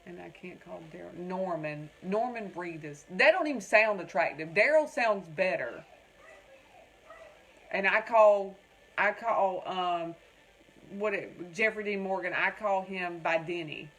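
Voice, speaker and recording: A woman's voice: on the low side, unhurried, a bit bright. A woman hosting a casual craft livestream, rambling and chatting with viewers in the comments.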